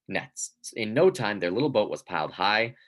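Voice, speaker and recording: A man reads a children's storybook aloud with a lively, expressive delivery. His voice sits very low. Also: moderate pace, low-quality recording. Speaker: narrator. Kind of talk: storybook reading.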